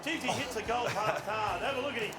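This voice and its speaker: Breathless excitable Australian man. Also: extremely high pitch, fairly quick, reverberant, loud music behind the voice. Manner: excitable, laughing, exclaiming. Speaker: panelist presenting footage segment. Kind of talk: casual studio banter.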